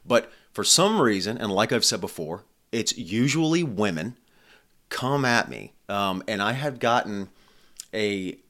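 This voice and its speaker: A man's voice: on the low side, lively intonation, a little slow, fairly bright tone. A man hosting his own podcast, talking in a blunt, profane, rambling casual monologue. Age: adult. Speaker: podcast host.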